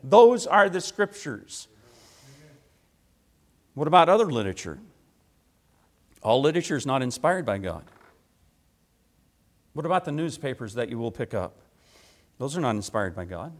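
A man preaching a sermon, emphatic and repetitive, firing rhetorical questions and swinging between loud declarations and quiet asides. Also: medium pitch, sing-song, moderate pace, pauses often. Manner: emphatic, repeats key phrases for force.

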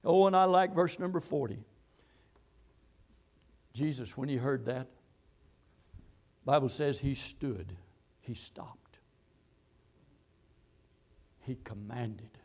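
A man preaching a sermon, quoting scripture and repeating phrases, swinging between loud, high exhortation and low, quiet telling. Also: slightly rough. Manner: reads and quotes scripture verses.

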